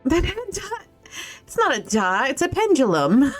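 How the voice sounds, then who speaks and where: Woman streamer cursing and laughing through her game, reads the npc lines out loud, voice sits a bit high, soft game music under her. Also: sing-song, unhurried. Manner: swears a lot and laughs often; reads game dialogue aloud. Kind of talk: casual gameplay commentary.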